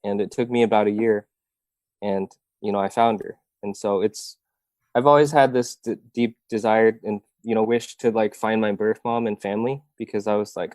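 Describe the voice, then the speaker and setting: A man's voice: on the low side, fairly even intonation, normal speed, a little mellow, no echo. A young man from Iowa telling his story as an interview guest, earnest and heartfelt, with many fillers and restarts.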